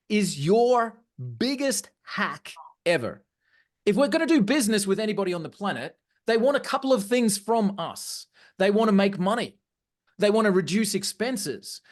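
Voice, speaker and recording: Animated male presenter, lively pitch. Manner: energetic, animated, often checks in with "okay?". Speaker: webinar presenter. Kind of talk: live online training session.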